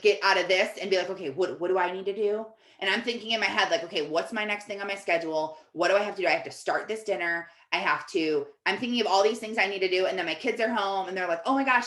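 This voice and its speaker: A woman's voice: lowish voice, sharp tone. A woman life coach giving a casual, chatty coaching talk to her team in an office, often filling with "like". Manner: chatty, fills with "like". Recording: echoey room.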